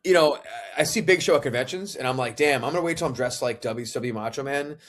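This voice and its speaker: A young man co-hosting a podcast, telling a long story in a lively, animated way and putting on other people's voices in the quotes. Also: medium pitch, fast. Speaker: podcast co-host, Macho Man impersonator. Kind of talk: casual storytelling chat.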